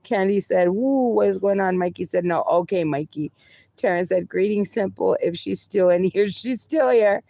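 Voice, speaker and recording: A woman's voice: medium pitch, moderate pace, gravelly, mellow, no echo. A woman livestreaming, reading viewer comments aloud and bantering with them, laughing often. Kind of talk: casual live-stream chat.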